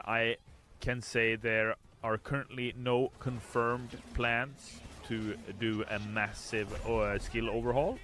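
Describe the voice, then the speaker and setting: A man's voice: on the low side, sharp tone. A man from a game studio reading out a viewer question and answering it carefully on a live stream, with frequent hesitations. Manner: measured, hesitant with fillers.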